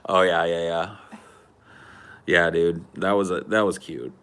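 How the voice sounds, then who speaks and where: Guy in his 30s telling a crazy story on a podcast, swears a ton, yells the quotes. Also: sits low, a little slow, smooth. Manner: animated, swearing, acts out quotes loudly. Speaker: podcast co-host. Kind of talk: casual storytelling chat.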